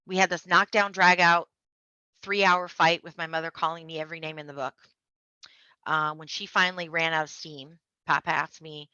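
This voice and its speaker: A woman's voice: lowish voice, steady tone, moderate pace, bright, forceful tone, clean tone, dry recording. A woman guest on a podcast, telling a personal story vividly and acting out the people in it. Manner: vivid, acts out voices in her story. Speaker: interview guest. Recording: dull, muffled podcast audio.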